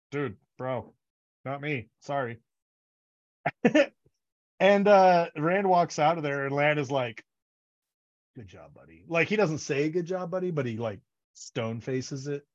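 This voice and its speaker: A man's voice: a little high, expressive, a little slow, muffled recording. A man co-hosting a podcast, chatting casually about a book series and acting out characters' lines in funny voices. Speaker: podcast co-host.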